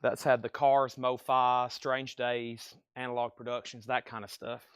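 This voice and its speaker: A man hosting a live record sale who rattles off bids and prices in quick auctioneer fashion while moving around the shop. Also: medium pitch, level tone, clean tone. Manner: rapid auctioneer-style bid calling. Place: record store.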